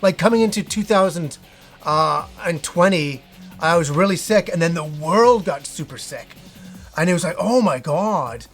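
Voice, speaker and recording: A middle-aged man, talking casually to his viewers and short of breath, with halting speech full of restarts. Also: a little high, soft background music. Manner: halting, with frequent restarts and fillers. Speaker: gaming channel host. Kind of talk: casual personal talk to viewers.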